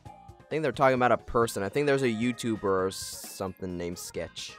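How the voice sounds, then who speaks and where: Lively young-sounding man hosting a game stream. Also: fairly low pitch, fairly quick, soft background music. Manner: jokey, greets and thanks viewers as he plays. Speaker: livestream host. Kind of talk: casual gaming stream chat.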